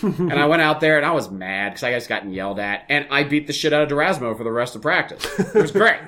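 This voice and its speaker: A man co-hosting a casual talk show, a youth sports coach who tells crude stories and jumps into loud impressions of other people. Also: a little high, fast. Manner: profane storyteller, animated impressions of others. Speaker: podcast co-host. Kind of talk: casual banter.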